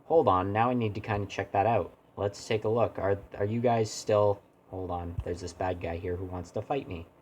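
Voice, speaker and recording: A man's voice: on the low side, steady tone, moderate pace, hardly any pauses, darkish tone, a little hiss or hum. A man streaming a video game, chatting casually and rambling as he keeps interrupting himself to talk to his chat. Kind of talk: casual live-stream commentary.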